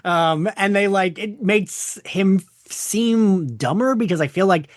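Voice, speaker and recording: A man co-hosting a podcast in casual chat, animated and laughing often, swearing casually. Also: high-pitched, takes it slowly, no room sound, studio quality. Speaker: podcast co-host.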